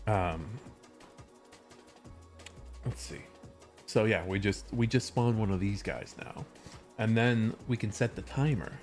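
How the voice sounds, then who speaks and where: A Californian livestreamer and game developer talks casually while he works, in a lowish, slightly mellow voice. His pace is slow with long pauses, faint music plays behind him, and he rambles and corrects himself as he goes.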